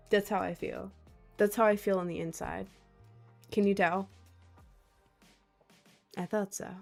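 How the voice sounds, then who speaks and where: A woman's voice: medium pitch, creaky, darkish tone. A young woman livestreaming, chatting casually and reading out viewers' comments with frequent laughs. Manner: rambling and giggly, reading out chat.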